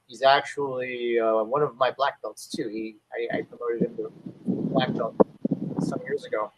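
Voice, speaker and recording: A man's voice: medium pitch, rough recording. A man in his fifties, a martial arts instructor and actor, telling a story in a casual interview. He is loose and chatty, full of "you know", and acts out the people he quotes.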